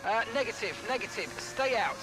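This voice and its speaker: A man voicing a calm male race engineer giving clipped, businesslike team radio calls in a racing game. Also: high voice, a little fast, music in the background, poor audio. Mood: firm. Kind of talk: scripted in-game radio messages.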